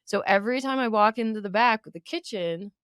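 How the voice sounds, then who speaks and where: A woman's voice: medium pitch, a little fast, a bit bright, clean tone, no room sound, studio quality. A woman in her thirties co-hosting a podcast, chatting casually, laughing often and acting out other people's lines. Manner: laughs often, acts out coworkers' lines in funny voices. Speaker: podcast co-host. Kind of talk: casual chat.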